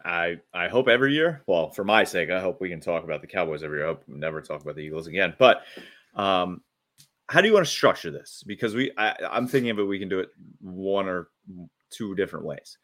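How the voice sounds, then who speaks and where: A man co-hosting a casual sports podcast, excitable and rambling, often restarting his sentences. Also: deep voice, fast talker. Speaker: podcast co-host.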